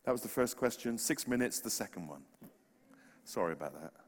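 This West Country Englishman speaks briskly, his fairly low voice carrying lively intonation as he preaches with earnest passion and the occasional humorous aside. There's slight background noise and a long hall reverb.

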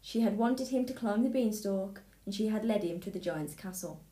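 A woman reading a fairy tale aloud with expressive storytelling. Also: medium pitch, moderate pace. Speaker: storybook reader. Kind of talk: scripted fairy tale narration.

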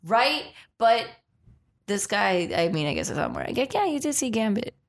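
Animated woman telling stories on a podcast. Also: a little high, normal speed. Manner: animated storyteller who acts out quotes. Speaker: podcast co-host. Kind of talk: casual chat.

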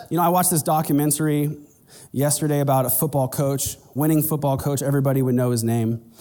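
Male pastor, conversational sermon delivery, slightly higher voice, long hall reverb, jumps up in pitch for acted-out dialogue. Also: a little fast, a little mellow. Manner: conversational preaching, acts out dialogue in a raised voice.

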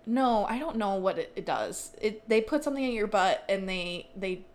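A woman's voice: mid-range voice, animated, moderate pace. A young woman co-hosting a podcast in casual chat, rambling and giggly with lots of fillers. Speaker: podcast co-host.

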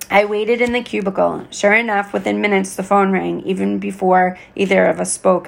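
Gravelly woman reading a novel. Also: medium pitch. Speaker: reader.

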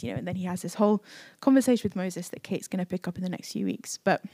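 Woman preacher, casual sermon, mellow tone, dry close sound, chatty with fillers. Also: on the low side, expressive, quick pace, no echo. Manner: chatty, many fillers, acts out quoted speech. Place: church service.

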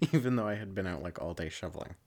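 A young woman in relaxed casual chat, laughing a lot. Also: a bass voice, rapid-fire. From Saskatchewan, Canada.

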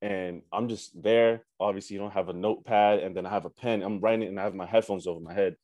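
A young man from Canada, a musician telling a story in a relaxed, slangy chat full of fillers. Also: sits low, fast talker, no room sound. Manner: laid-back slangy talk with many fillers and profanity. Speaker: musician guest.

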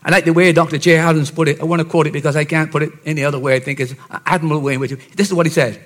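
A male pastor preaching a sermon with emphasis, dropping to soft asides and rising to shouted points, often asking his listeners "See?". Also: a little high, steady tone, very fast. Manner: keeps checking on listeners with "See?".

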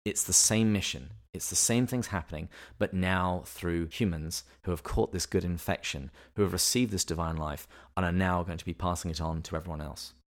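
Podcast co-host, male, very low voice, measured and explanatory; a teacherly podcast discussion. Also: steady tone. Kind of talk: podcast discussion of literature and theology.

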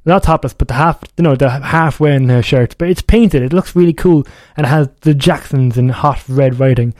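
A man's voice: medium pitch, moderate pace, darkish tone, no room sound. A young man hosting a music radio show, chatting casually in a rambling way and often correcting himself. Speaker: radio DJ host.

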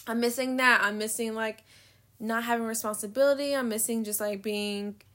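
Young woman, nineteen, solo podcast chat, slight lisp, rambling, fairly high, crisp forceful tone. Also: steady tone, moderate pace. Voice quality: says she has a slight lisp. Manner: rambling, swears freely, filler-heavy, laughs at herself. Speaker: podcast host. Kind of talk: casual solo podcast monologue.

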